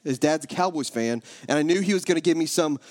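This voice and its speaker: A man's voice: on the high side, quick pace. A man in his thirties preaching, praying and then telling a joking personal story with many restarts. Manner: joking, self-interrupting storyteller. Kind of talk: sermon with prayer and personal story.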